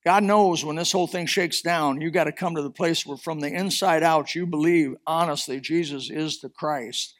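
Preaching at a normal speed with few pauses, a man with a voice on the high side reads scripture and applies it. He is a pastor, and his impassioned sermon swells and drops in intensity.

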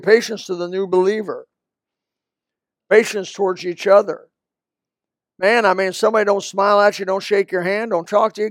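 An older man, a Baptist pastor, preaching a sermon in a folksy, conversational way with quick asides. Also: high-pitched, dry recording, studio quality. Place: church.

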